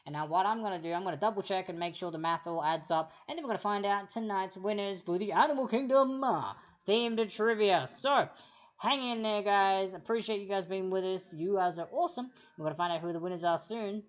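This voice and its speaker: A man's voice: sits high, a little fast, highs cut off. A man hosting a trivia quiz on a livestream. He reads out each question, then wanders into chatty, jokey asides. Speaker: trivia host.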